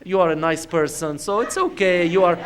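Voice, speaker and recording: A man's voice: high-pitched, fairly quick, fairly bright tone, clean tone. A man quoting a tired, busy wife and mother. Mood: weary, sweet.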